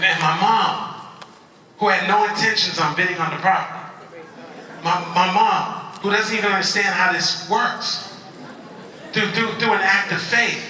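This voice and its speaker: A man's voice: fairly high pitch, bright, forceful tone. A man giving an emphatic motivational speech at a convention, leading the audience in call-and-response. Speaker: motivational speaker. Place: convention hall. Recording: echoey hall from far off.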